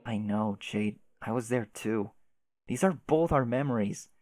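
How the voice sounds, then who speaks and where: Man playing a gentle coaxing companion. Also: medium pitch, unhurried, no room sound, close to an everyday voice. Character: patient companion urging a grieving girl.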